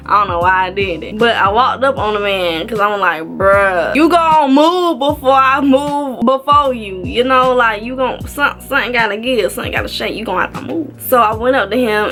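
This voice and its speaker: A young woman vlogger telling a storytime in casual slang, animated and swooping high when she quotes people. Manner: loose slangy speech with restarts and laughs.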